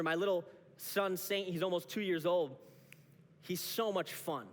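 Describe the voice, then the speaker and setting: A man in his thirties preaching a sermon as pastor, animated, acting out short exchanges with God. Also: high-pitched. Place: church auditorium. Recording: long reverb of a church hall.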